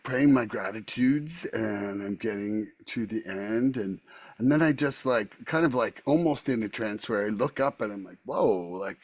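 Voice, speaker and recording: A man tells a personal story on a recovery podcast, getting more and more animated and awed as it goes. His voice sits low and has a husky grain. He uses casual fillers throughout. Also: no echo. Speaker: podcast co-host.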